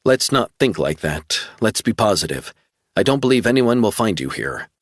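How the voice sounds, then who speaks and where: A man voicing a calm, reassuring woman in an audiobook, speaking in steady promises. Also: fairly low pitch, moderate pace, no echo, studio quality.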